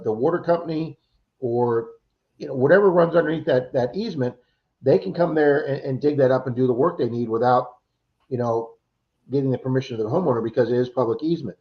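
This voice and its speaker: A man's voice: on the high side, creaky. Chatty storytelling man on lo-fi stream. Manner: animated storyteller, acts out quoted voices. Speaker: livestream host. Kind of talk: casual chat. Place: Florida.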